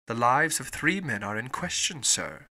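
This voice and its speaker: A man reading an audiobook voices a calm, resolute English gentleman traveller, quiet, cold and measured. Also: medium pitch, voice pushed down, exaggerated voice. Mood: quiet resolve. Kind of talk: audiobook character voice.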